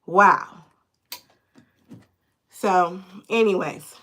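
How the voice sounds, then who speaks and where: A woman tarot reader talking live into her phone, animated and indignant, cursing freely as she vents. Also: on the low side, drawn-out words. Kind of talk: live-streamed tarot chat.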